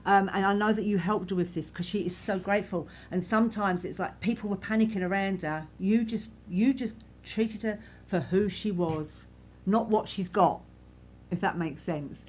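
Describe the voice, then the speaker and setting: Gentle woman medium in a church. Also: mid-range voice, normal speed, slight background noise. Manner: gentle, reassuring, repetitive, many "you know"s. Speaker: spiritualist medium leading the service. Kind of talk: giving spirit messages to a congregation. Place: church hall with a congregation.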